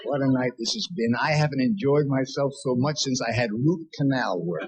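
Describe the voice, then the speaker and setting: A man's voice: mid-range voice, moderate pace, heavy background noise. A man as guest of honor at a comedy roast, telling wry self-mocking jokes in a vintage television broadcast recording. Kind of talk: stand-up roast speech.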